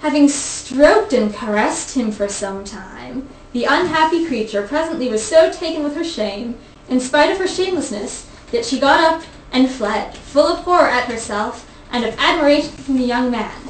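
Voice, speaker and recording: A high-pitched woman hosts and reads a story aloud, playful and teasing between passages. She is recorded from a distance in a roomy space with an echo, and a faint hiss sits underneath. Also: lively intonation, normal speed. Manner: playful, teasing, breaks into giggles. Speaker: host reading a story aloud. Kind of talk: casual reading with joking asides.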